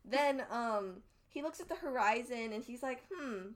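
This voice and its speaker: A young woman with a slightly high voice chats through a story recap. She rambles, swears freely and jumps into exaggerated quotes of the characters. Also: normal speed. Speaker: podcast co-host recapping a webcomic. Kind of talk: casual recap chat.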